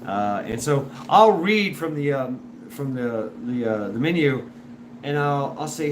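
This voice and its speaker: A man hosting a show in a casual, rambling monologue, full of restarts and repeated words, and animated when he imitates other people. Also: medium pitch, measured pace. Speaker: show host. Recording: noisy background.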